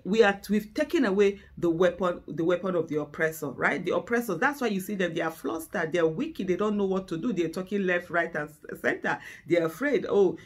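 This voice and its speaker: A middle-aged Nigerian woman with a Nigerian accent, delivering an impassioned, emotional speech to camera, fervent and close to tears. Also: on the low side. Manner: fervent, rising to exasperated outbursts. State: tearful, close to breaking down. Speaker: activist.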